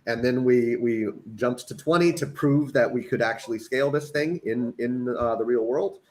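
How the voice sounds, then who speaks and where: A man guest on an online panel gives an easygoing pitch for his project. He explains steadily, with plenty of ums. His voice sits in a plain middle range. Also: normal speed, darkish tone. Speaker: engineering director and panel guest.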